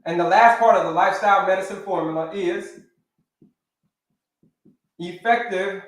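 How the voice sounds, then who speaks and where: A man coaching viewers through a livestream health lesson, with a voice pitched well above most men's. He drives his points home by repeating them and calls out viewers by name. The sound carries a roomy echo. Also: normal speed. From United States. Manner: animated teacher, repeats key points, greets viewers by name. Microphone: livestream setup.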